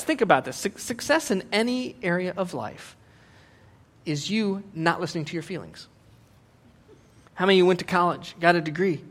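A man in his forties preaching a humorous sermon in church, joking and acting out quotes. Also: sits high. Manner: joking, animated, acts out quotes. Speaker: pastor.

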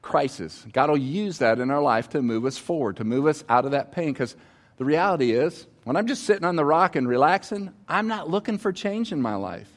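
Conversational preacher on stage. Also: male voice, fairly high pitch, expressive, fairly quick. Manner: conversational, asks the audience to respond, tells personal stories. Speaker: pastor. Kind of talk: sermon. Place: on stage before a congregation.

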